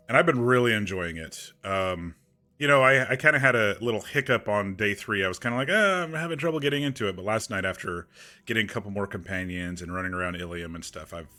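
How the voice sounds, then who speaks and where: A man hosting a relaxed live stream, chatting with viewers and greeting them by name, rambling along with small restarts. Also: fairly low pitch. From United States. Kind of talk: casual live-stream chat. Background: game soundtrack playing faintly.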